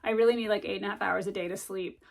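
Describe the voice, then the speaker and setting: A woman's voice: mid-range voice, fairly even intonation, rapid-fire, vocal fry. A middle-aged woman chatting casually to camera as a vlogger, rambling with lots of ums and likes as she gives study tips.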